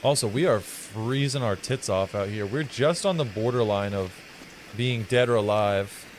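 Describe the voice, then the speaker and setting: A man with a mild, flattened American Southern accent, rambling, swearing and musing playfully while he streams a game. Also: on the low side, normal speed, slight background noise, rough recording. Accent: mild American Southern, partly flattened. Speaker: live streamer. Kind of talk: casual gameplay commentary.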